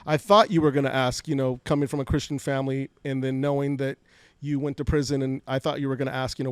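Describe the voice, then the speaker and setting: A man's voice: medium pitch, flat delivery, fast talker, clean tone, no echo. A man in his forties from Fresno, California, a podcast guest candidly telling emotional stories from his life and often repeating words as he talks. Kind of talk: personal storytelling interview. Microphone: podcast studio mic.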